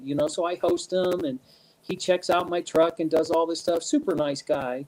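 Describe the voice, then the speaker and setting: Man, guest storyteller. Rambling, restarts a lot, fairly high voice. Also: fairly even intonation, moderate pace, darkish tone, a little hiss or hum, low-quality recording. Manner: rambling, laughs mid-story, many restarts. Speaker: guest speaker. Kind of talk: casual storytelling interview.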